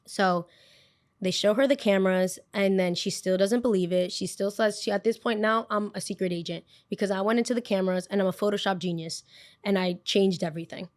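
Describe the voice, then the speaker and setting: Young woman podcast host telling a story, animated, does everyone's voices, average pitch. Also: fairly quick. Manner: animated, acts out voices in quotes.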